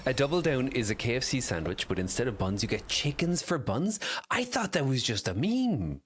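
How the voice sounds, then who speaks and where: An excitable man chatting casually and swearing while live-streaming a game, reacting loudly and answering chat. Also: mid-range voice, normal speed, a little hiss or hum. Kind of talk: casual live gameplay commentary.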